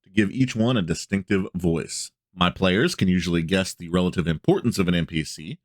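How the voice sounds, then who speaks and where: A man with a very deep voice reads a gaming blog post aloud. He drifts between steady reading and offhand joking asides. The sound is dry and close, with no room echo. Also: a little fast. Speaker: tabletop gaming video host.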